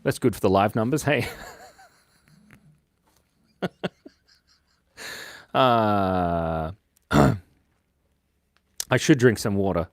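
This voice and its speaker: Playful man with a lively swooping voice. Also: on the low side, very slow, gravelly, pauses often. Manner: playful, silly, reads chat aloud. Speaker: drawing livestream host. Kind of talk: live drawing stream, chatting with viewers.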